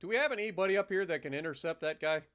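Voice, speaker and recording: A man thinking aloud in casual commentary on a live strategy game, his throat a little rough and often cleared, with the odd curse. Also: high voice, lively intonation, very fast, a bit bright. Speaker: game streamer.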